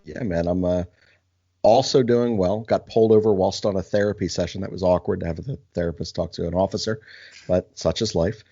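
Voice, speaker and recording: Deep-voiced brash podcast host. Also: male voice, steady tone, fairly quick, mellow, dry recording, highs cut off. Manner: brash, crude, teasing. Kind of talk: casual podcast hosting.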